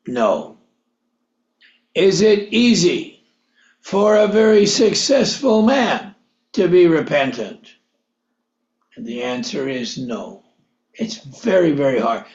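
A man's voice: fairly high pitch, a little mellow, roomy sound, lo-fi sound. A man preaching a Bible-teaching sermon, reading verses in old scriptural wording, explaining them conversationally and asking his listeners rhetorical questions.

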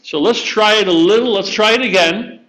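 A man's voice: high-pitched, moderate pace, sharp tone. A man teaching a church group a memory verse, encouraging and coaxing them to recite it together. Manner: encouraging, repeats and coaxes listeners to join in. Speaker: church teacher leading children. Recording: dull lo-fi recording.

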